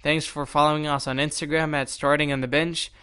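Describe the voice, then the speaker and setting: A young man hosting a solo podcast, telling stories in an animated, exasperated way. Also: fairly high pitch, fairly quick, clean tone. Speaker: podcast host.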